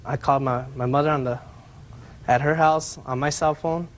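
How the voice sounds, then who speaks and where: A man testifying as defendant in court, retelling events step by step with halting restarts. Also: on the high side, steady tone, a little hiss or hum.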